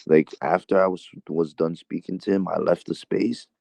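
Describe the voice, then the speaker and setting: A man streaming on a group voice call who talks slowly and deliberately. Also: deep voice, fairly even intonation, gravelly, darkish tone, dry recording. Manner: slow deliberate speech. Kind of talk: casual group call chat.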